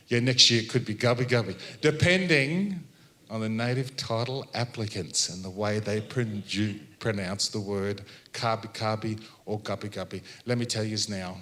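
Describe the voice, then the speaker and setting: A man's voice: fairly low pitch, normal speed, fairly bright tone. Chatty joking Australian man. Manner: chatty, joking, laughs between points. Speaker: Welcome to Country speaker. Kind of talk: relaxed public address with storytelling. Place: health symposium.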